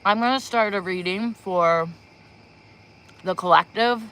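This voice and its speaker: This woman's mid-range, somewhat bright voice drifts along slowly as she rambles and giggles on a livestream. She's chatting casually into a propped-up phone in a small room before moving on to spiritual readings.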